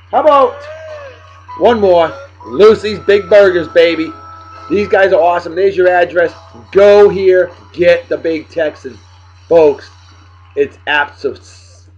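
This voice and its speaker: Jokey New man hyping friends. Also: a little high. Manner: boisterous, jokey, slangy hype. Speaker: host. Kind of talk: casual video show shout-outs. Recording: dull lo-fi sound with faint music.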